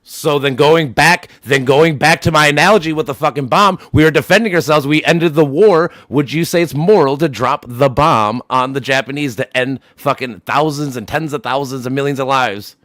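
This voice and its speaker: A man's voice: fairly high pitch, normal speed, hardly any pauses, a bit bright, no echo, studio quality. Heated, swearing man arguing. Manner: argumentative, swears a lot, repeats himself. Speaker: streamer. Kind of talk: heated casual debate.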